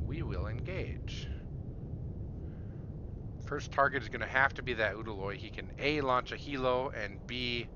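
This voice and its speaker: Here a lowish-voiced man gives live gameplay commentary, eagerly reacting, seeking viewers' input, and barking naval orders. The lo-fi audio carries background noise, and game sounds play loudly underneath.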